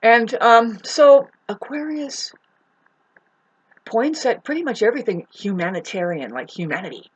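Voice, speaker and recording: A woman talks to her camera from home, rambling through a spiritual monologue. Her voice is lively and swings widely in pitch. She swears freely and breaks into emphatic outbursts. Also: measured pace, husky, muffled recording. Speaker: spiritual astrology vlogger.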